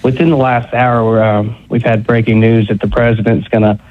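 A man calling a radio show, polite and eager, with filler pauses. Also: mid-range voice, level tone. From Northeast Tennessee. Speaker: radio caller. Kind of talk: call-in question. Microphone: telephone. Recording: tinny phone line.

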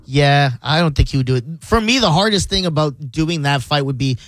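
A laid-back radio co-host, a man with a slightly high voice, agreeing easily and trading casual banter. his voice is close and dry in the studio. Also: expressive, brisk, no echo.

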